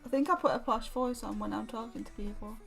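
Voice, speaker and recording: A woman's voice: a little high, fairly even intonation, fast talker, gravelly, faint music behind. A woman from Derbyshire hosting a casual livestream from home, chatting in a rambling, giggly way. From Derbyshire, England. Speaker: livestream host. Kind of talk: casual livestream chat while stitching.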